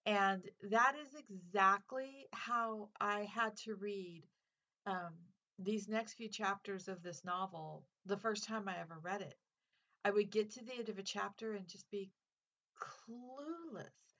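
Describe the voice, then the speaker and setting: Woman teacher chatting through a book lesson, mid pitch, kinda muffled audio. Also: a little slow, pushed and bright. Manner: chatty, earnest, conversational with fillers. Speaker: English teacher hosting a literature podcast. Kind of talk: casual spoken lesson.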